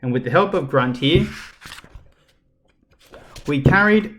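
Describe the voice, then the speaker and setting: A man's voice: a little high, animated, slow, fairly bright tone. A man putting on a purring, hissing evil lady doctor. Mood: bitter explaining. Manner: purring, hissing, mock-polite. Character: evil female doctor, scheming and cruel.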